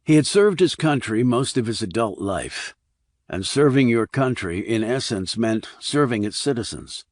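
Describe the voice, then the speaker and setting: A man narrating a thriller audiobook in a steady, even reading. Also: mid-range voice, normal speed, no room sound, studio quality.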